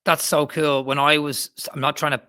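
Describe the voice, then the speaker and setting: A man hosting a casual podcast chat, his voice bright and forward. He rambles enthusiastically, cutting himself off and restarting his sentences. The sound is close and dry. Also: fairly high pitch, little pitch movement, a little fast, smooth, no echo. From Ireland. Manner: rambling, self-interrupting, enthusiastic. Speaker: podcast host.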